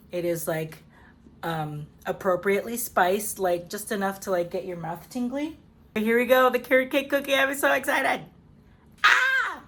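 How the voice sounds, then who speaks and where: A woman hosting her own cooking show, chatting casually and upbeat through a recipe with lots of "like" and "um". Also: mid-range voice. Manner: chatty, upbeat, full of "like" and "um" fillers. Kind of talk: casual cooking vlog chat.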